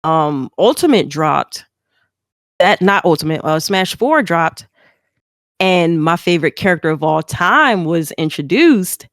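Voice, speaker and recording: A woman guest on a podcast, talking casually and telling stories with energy. She jumps up high when she quotes herself or others. The sound is dry and close. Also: measured pace, no echo. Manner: animated storyteller, acts out quotes in a high excited voice. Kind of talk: casual chat.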